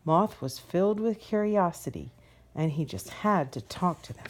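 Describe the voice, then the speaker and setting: A woman reading a children's picture book aloud as a storyteller, gentle and expressive. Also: on the low side, moderate pace.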